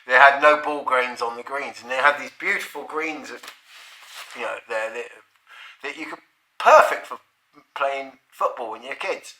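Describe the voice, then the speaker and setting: This middle-aged man's voice is mid-range and bright with a forceful tone, moving at a moderate pace. He's telling a casual personal anecdote in a rambling, profane style, chuckling along the way. The recording carries a roomy echo.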